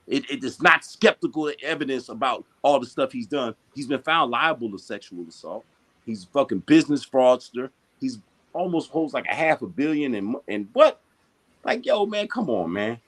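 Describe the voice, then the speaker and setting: A man's voice: medium pitch, fairly bright tone. A man hosting a podcast, talking in a heated, casual and profane way, full of slang and emphasis. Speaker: boxing podcast host.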